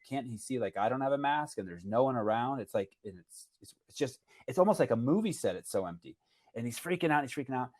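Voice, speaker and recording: A man hosting a casual podcast, telling a story in a rambling, animated way with many restarts. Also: fairly low pitch. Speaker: podcast host.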